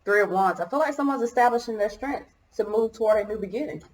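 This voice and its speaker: A woman's voice: mid-range voice, expressive, fast talker, roomy sound, rough recording. A woman giving a casual tarot reading to her viewers, musing and hesitant as she thinks aloud, choked up and coughing at times. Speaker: tarot reader.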